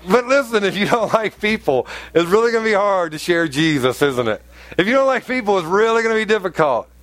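A pastor preaching a conversational sermon, telling stories and rising to emphatic outbursts. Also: male voice, high-pitched, expressive, a little fast, a bit bright.

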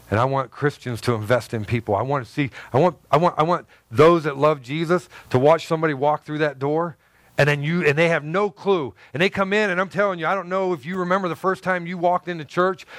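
A man's voice: a little high, fairly quick, no room sound. Folksy middle-aged male pastor preaching. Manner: folksy storytelling with laughs and asides. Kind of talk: sermon. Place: church.

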